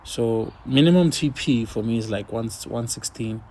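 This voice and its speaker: A man's voice: mid-range voice, normal speed, warm tone, a little hiss or hum. A laid-back man casually commenting on his forex trades while sharing his screen, talking half to himself as he watches the charts.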